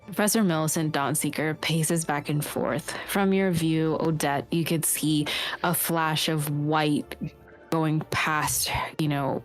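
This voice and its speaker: A woman runs a tabletop game session and narrates scenes in a low voice. She rambles and hesitates, with many fillers between her descriptions. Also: fairly even intonation, slow pace, soft background music. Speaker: game master.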